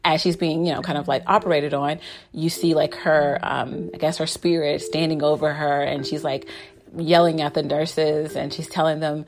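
A woman's voice: low voice, steady tone, moderate pace, darkish tone. A woman casually recapping a TV drama, chatty, full of fillers and restarts, often laughing. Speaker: drama reviewer.

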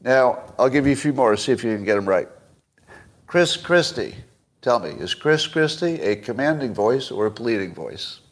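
A man's voice: medium pitch, animated, moderate pace. An older man in his sixties talks through a casual solo commentary stream. He is wry and chuckles often, quizzing his listeners as he goes, in an ordinary mid-range voice. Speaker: podcast host.

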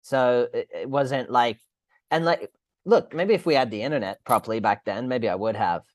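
A man's voice: medium pitch, normal speed, dry recording, clean studio sound. A man with an Australian accent, a podcast guest chatting casually over a call, rambling and swearing as he restarts his sentences.

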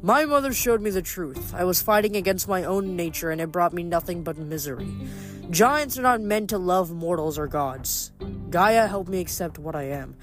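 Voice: medium pitch, expressive, normal speed, a bit bright, soft background music, natural voice. A silky, menacing giant hunter, as the reader puts him on. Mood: smooth menace. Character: boastful male giant hunter, smooth and menacing.

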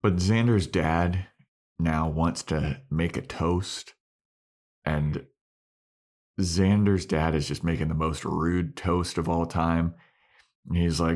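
A man's voice: sits low, fairly even intonation, a little slow. A man co-hosting a podcast in casual chat, retelling scenes animatedly, acting out characters' lines and swearing casually. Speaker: podcast co-host.

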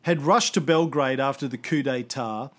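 A man's voice: medium pitch, moderate pace. A man co-hosting a podcast, telling history in a loose, jokey, conversational way. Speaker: podcast co-host. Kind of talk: casual history storytelling.

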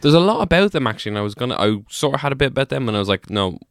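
A man's voice: medium pitch, very animated, very fast, vocal fry, no echo, clean studio sound. An Irish man co-hosting a podcast, casually telling stories with wry jokes and some swearing. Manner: chatty, wry storyteller, swears. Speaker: podcast co-host. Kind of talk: casual chat.

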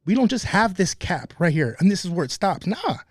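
A fired-up man talks through a story in casual podcast chat, cursing freely. His voice sits a little high for a man. The dry, close mic keeps the room quiet. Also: very animated, a little fast, no room sound. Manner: passionate, swearing, tells stories. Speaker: podcast guest.

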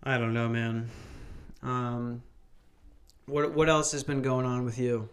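A young man from Minnesota chats casually on a podcast, rambling, swearing and laughing as he tells stories. His mid-range voice is slow with little pitch movement.

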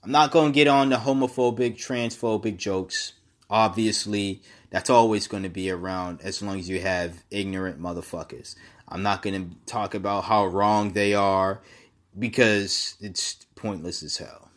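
A man giving casual opinion commentary alone, halting and repeating words, then pressing his points with emphasis. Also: lowish voice, fairly even intonation.

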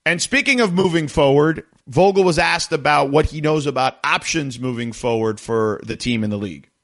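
A man hosting a sports talk radio show, rambling energetically and jumping up in pitch when excited. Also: normal speed.

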